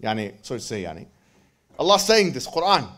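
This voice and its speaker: A man giving a lively religious lecture to a live audience, joking and bantering with the crowd and quoting verses in quick Arabic recitation. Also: medium pitch. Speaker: speaker at a religious event.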